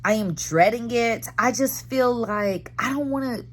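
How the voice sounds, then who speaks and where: A woman's voice: fairly high pitch, a little slow. A woman in her thirties talking candidly and dramatically to viewers about therapy, full of slang, recorded in her car. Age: 30s. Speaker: vlogger. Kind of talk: casual chat.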